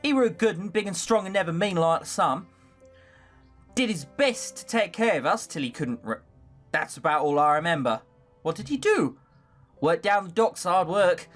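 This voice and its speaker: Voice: mid-range voice, animated, moderate pace, faint music behind, lightly acted. A player putting on a Northern maid girl. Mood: homely. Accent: put-on Northern English. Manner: homely, plain-spoken. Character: cheerful poor scullery maid girl.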